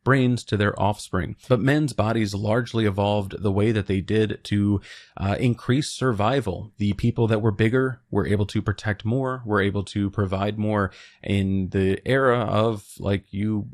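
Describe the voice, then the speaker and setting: A young man with a fairly low voice talks through his theories on a show in a loose, opinionated way. He mixes serious points with crude joking asides. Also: fairly even intonation, moderate pace. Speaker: video essay host. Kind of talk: casual commentary.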